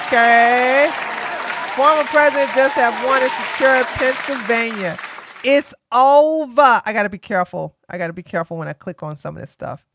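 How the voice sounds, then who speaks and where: Woman streamer hosting live, high bright voice, dry close sound, excitable and mocking. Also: no echo. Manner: excitable, mocking, laughs loudly. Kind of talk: casual live-stream commentary.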